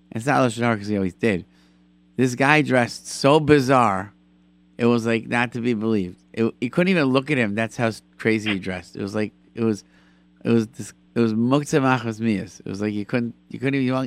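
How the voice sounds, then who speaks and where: A man hosting a call-in radio show, chatting with callers and telling animated stories with lots of repetition. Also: medium pitch. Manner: animated storyteller, repeats himself for emphasis. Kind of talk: call-in radio chat and storytelling.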